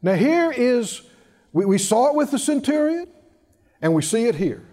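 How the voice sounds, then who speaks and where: A man's voice: very high voice, very animated, moderate pace, mellow. A man preaching a sermon, emphatic and drawing call-and-response from the congregation, with chuckling asides.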